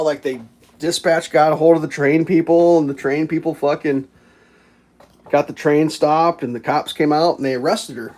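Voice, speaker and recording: A man's voice: a little high, darkish tone. A man hosting a livestream, rambling and swearing through a laughing story while he makes breakfast. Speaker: livestream host. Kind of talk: casual storytelling while cooking.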